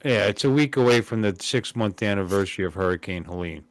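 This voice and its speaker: A man's voice: fairly low pitch, fast talker, dry recording. A man hosting a casual live-stream chat, laid-back and reading out what he looks up as he goes. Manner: laid-back, reads things out as he checks them. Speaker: show host.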